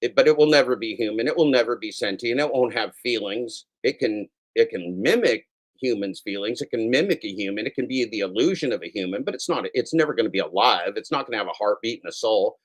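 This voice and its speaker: A man hosting a daily show in a casual, profane rant, swinging between yelling and soft apologies. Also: fairly low pitch, animated, quick pace.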